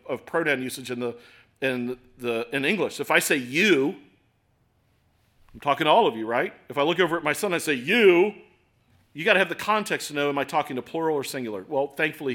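A man in his forties preaching a sermon in a conversational, self-deprecating way, with swings between loud and soft. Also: a little high, lively intonation, fast talker. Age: 40s. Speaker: pastor.

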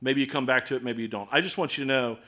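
A man in his forties preaching a sermon in a conversational, self-deprecating way, with swings between loud and soft. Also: medium pitch, very fast. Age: 40s. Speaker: pastor.

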